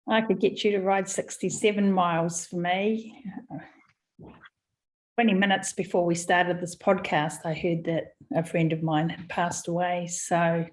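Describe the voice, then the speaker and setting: A woman hosting a podcast interview, warm and encouraging as she asks questions. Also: on the low side, low-quality recording. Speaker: podcast host. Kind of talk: conversational interview.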